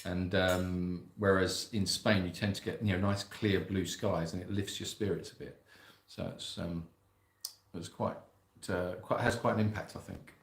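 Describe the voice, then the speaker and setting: A man's voice: deep voice, fairly even intonation, a little slow. A man co-hosting a casual live stream, reading out viewer greetings and joking along. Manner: chatty, jokey, reads out viewer greetings. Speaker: sanctuary co-host reading live chat. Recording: roomy echo.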